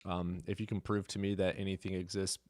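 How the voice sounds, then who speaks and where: Blunt, sarcastic low-voiced male streamer. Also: little pitch movement, a little fast, dry recording, studio quality. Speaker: streamer hosting a debate stream. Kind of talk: casual live-stream chat, reading and answering chat.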